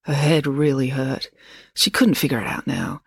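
A woman author narrating a storybook chapter in a calm, expressive reading. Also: extremely low pitch, moderate pace, creaky, breathy edge, no echo, clean studio sound.

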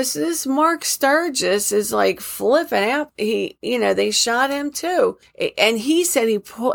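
A woman's voice: medium pitch, vocal fry. A woman casually retelling a true crime case, indignant and conversational, with many fillers and restarts.

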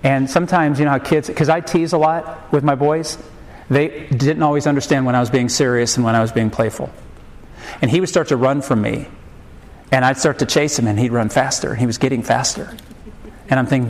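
A man's voice: medium pitch, brisk, low-quality recording. Storytelling pastor man in his forties. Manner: storytelling with humor, acts out quoted voices; emphatic rhetorical questions. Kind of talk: sermon.

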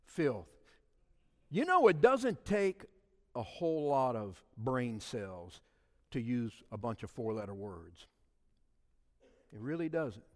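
A man preaching a sermon, swinging between shouted emphasis and hushed, quiet asides. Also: medium pitch, very animated, slow pace, pauses often, big-room sound. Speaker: pastor.

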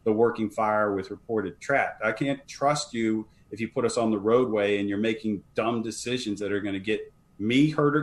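A man guest on a podcast interview, talking earnestly and emphatically, often repeating words as he starts a sentence. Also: mid-range voice. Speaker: fire service leadership trainer, guest.

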